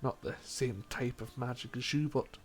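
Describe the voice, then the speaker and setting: Ein Mann spielt einen förmlichen Magier mit schottischem Akzent. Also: male voice, medium pitch, steady tone, natural voice. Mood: polite inquiry. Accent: put-on Scottish. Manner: halting, hesitant, slow and formal. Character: polite male spellcaster from another plane. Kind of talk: in-character role-play.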